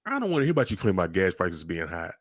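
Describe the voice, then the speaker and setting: A man, hosting and delivering a loud, profane, mocking rant. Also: low voice, huge pitch swings, rapid-fire, no room sound, studio quality. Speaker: podcast host.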